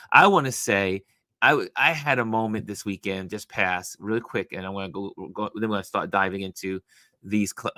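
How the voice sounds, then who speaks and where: A man from New York hosting a casual talk show, telling a story in an animated way with many restarts. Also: fairly low pitch, no echo, studio quality. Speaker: host.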